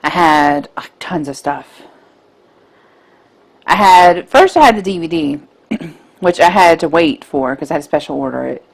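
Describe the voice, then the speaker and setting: A woman in her thirties co-hosting a podcast, chatting casually and gushing with excitement about films she loves. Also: sits low, unhurried, long pauses. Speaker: podcast co-host. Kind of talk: casual chat.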